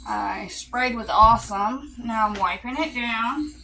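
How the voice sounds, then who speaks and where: Southern lady w an alabama drawl, slow and easygoing, chatty cooking vlog in her kitchen. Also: on the high side, gravelly, over music, low-quality recording. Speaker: home cooking vlogger. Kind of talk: casual cook-along narration. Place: home kitchen.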